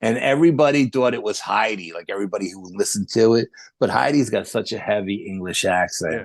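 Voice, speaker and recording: A man, a podcast guest telling a rambling, animated story full of quoted dialogue. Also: lowish voice, quick pace, gravelly, no echo. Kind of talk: casual storytelling.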